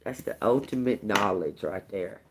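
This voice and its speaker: Hosting a laid-back tarot livestream, this woman has a bass voice and talks at a moderate pace against a noisy background. She laughs a lot, stresses her points, swears casually, and says things twice to drive them home.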